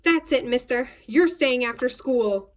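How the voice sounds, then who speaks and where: A woman doing a loud, scolding schoolteacher. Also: high-pitched, a little slow. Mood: exasperated. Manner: loud, sharp commands. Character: stern scolding schoolteacher, adult. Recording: dull lo-fi recording.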